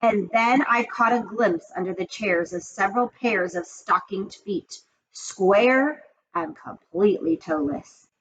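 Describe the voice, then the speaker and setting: A woman reading a children's story aloud with expressive, dramatic storytelling. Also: mid-range voice, unhurried, a little hiss or hum, poor audio. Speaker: reader of children's books. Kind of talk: storybook read-aloud narration.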